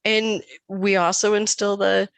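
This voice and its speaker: Here a thirties-aged woman, guesting on a podcast, chats casually about her family and performs the dialogue she quotes. Her voice is medium-pitched and gravelly yet clean in tone, delivered at a measured pace in a dry recording, with a lively storyteller's manner.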